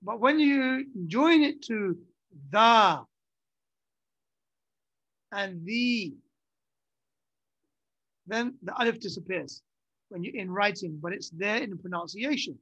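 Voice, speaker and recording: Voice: mid-range voice, animated, slow, pauses often, a bit bright, breathy edge, dry recording. Dull, dry lo-fi recording of a grammar teacher. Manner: repeats terms and checks understanding with short questions. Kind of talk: classroom lesson.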